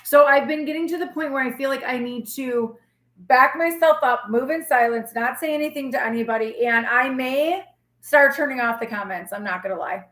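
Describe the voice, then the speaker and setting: A woman, a tarot reader talking candidly to her live-stream viewers in a sassy, feisty, rambling way, with a forceful tone that can sound like yelling. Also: sits high, moderate pace. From New York. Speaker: tarot reader and channel host. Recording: echoey room.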